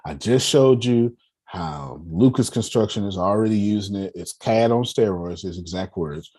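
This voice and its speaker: A man's voice: on the low side, normal speed, dark tone. A man coaching a group on a call, talking in an emphatic, repetitive, preacher-like cadence. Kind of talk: motivational talk.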